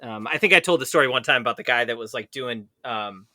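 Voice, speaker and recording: Bright, dry-voiced man telling a story. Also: medium pitch, animated, quick pace, dry recording. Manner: rambling, many "like" fillers, laughs while telling. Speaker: podcast co-host. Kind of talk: casual storytelling chat. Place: San Francisco bus commuter.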